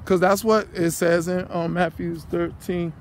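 This outdoor vlog sermon has a man strolling beside a pond with a handheld phone, preaching casually, rambling and repeating himself. He speaks a little slowly in a high voice with little pitch movement, over a little hiss or hum.

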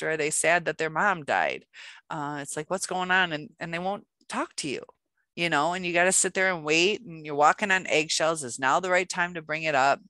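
A woman's voice: sits low, a bit bright, dry recording. A woman hosting a self-help video, talking casually to camera with lots of fillers and acting out small quoted exchanges. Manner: loose and chatty, many fillers, acts out little quoted exchanges.

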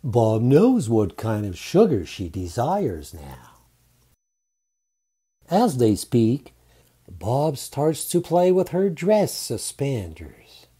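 A man narrating a romantic audiobook in a calm, unhurried reading. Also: mid-range voice, slightly rough.

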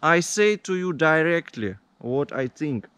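Slow, indignant man. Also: on the high side, sing-song, fairly bright tone, clean tone, no room sound. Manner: indignant, deliberate storytelling. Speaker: vlogger. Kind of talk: complaining vlog monologue.

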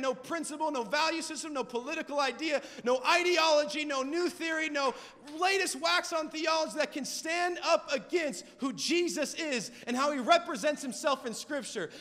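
A young man preaching a sermon with fervent, emphatic delivery and shouted peaks. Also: extremely high pitch. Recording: long hall reverb.

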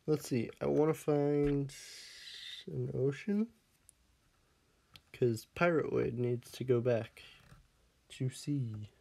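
A man's voice: mid-range voice, steady tone, takes it slowly, gravelly, long pauses, warm tone. A man casually commenting on his game as he plays, laughing often and scolding his pet dog in the game before fussing over him. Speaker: Minecraft let's player.

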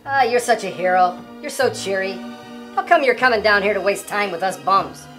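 A woman's voice: medium pitch, expressive, normal speed, fairly bright tone, faint music behind, close to an everyday voice. A woman playing a bitter, scheming male elf salesman in an amateur comedy parody, sarcastic and grumbling.

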